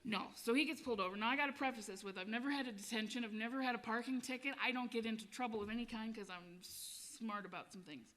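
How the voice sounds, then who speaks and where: Woman, singer between songs, casual story, swearing, laughing, somewhat high voice. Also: fast, few pauses, fairly bright tone. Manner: loose, profane, laughing storyteller. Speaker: singer-songwriter.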